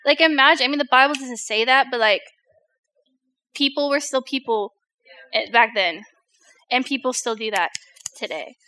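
A young woman gives a laid-back sermon to a youth group, talking in a loose, joking way with lots of filler words. Her voice sits high and sounds crisp and bright. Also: normal speed, pauses often. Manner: chatty, filler-heavy, jokes with the audience.

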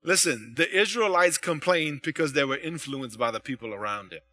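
A man's voice: fairly high pitch, expressive, normal speed, bright, forceful tone. A man pastor giving a casual, conversational sermon, full of "you know" and "right?" asides to his congregation.

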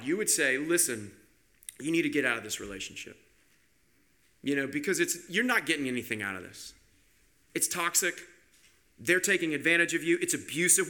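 A male pastor preaching a sermon in an animated way, asking rhetorical questions and often repeating his words. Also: a little high.

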